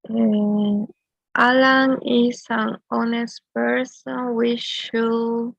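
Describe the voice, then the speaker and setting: A woman, a student in an online English class, reading practice sentences haltingly. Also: a little high, level tone, creaky, no room sound. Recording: dry, dull lo-fi sound.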